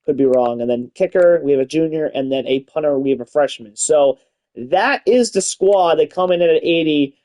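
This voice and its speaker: A man with a fairly high voice gives casual commentary on a live game stream. He reads rosters and stats in a loose, tired drawl, then bursts into hyped announcer calls and cheerful swearing. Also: expressive, normal speed, warm tone. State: tired, yawning. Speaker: gaming streamer.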